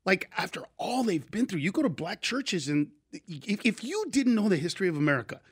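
A man from Honduras with a notably high speaking voice talks as a comedian guest on a radio show. He tells stories with lots of energy and often slips into little acted-out voices for the people in them. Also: fairly quick, slightly rough. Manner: animated storyteller who acts out quoted voices. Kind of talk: casual radio interview chat.

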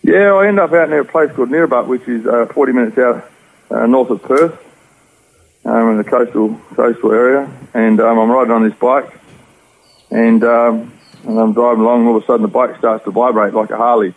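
An Australian man tells his story at a rapid clip, his low voice husky and rough. He talks in slang and plain words. The sound is thin and tinny, as over a phone line. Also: fairly even intonation. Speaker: interview guest. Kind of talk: personal testimony.

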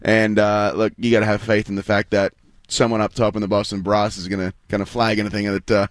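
A man's voice: on the low side, level tone, brisk, no echo. A man in his thirties with an Australian accent, chatting easily as a radio guest with lots of fillers and restarts. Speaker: guest, pro baseball pitcher. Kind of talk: casual radio interview. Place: live broadcast at a spring training ballpark.

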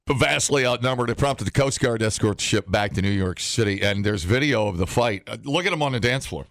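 Male radio host, sarcastic, lively up-and-down delivery, dry close sound. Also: medium pitch, fast, no room sound. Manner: wisecracking, sarcastic, reads news items aloud. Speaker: morning radio show host. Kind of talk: casual comedic radio banter.

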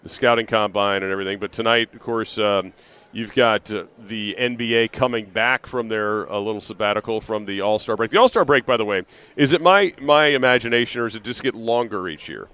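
A man's voice: fairly low pitch, brisk, a bit bright, clear, resonant tone. Rambling man hosting live sports radio. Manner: conversational, rambling with fillers and restarts. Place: live broadcast from an arena.

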